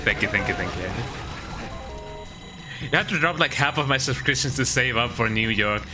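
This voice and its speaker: A man's voice: mid-range voice, lively intonation, normal speed. A man streaming a game, chatting casually with viewers, joking and rambling, often tagging lines with "eh?". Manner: joking, rambling, says "eh?" a lot. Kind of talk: casual livestream chat. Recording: game music behind.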